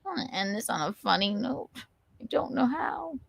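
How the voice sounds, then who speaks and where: A woman in her thirties hosts a late-night live stream, chatting casually with viewers, rambling a bit and getting slightly teary before she signs off. Her voice sits on the higher side with lively intonation, vocal fry and a breathy edge, at a normal pace. The recording is dry.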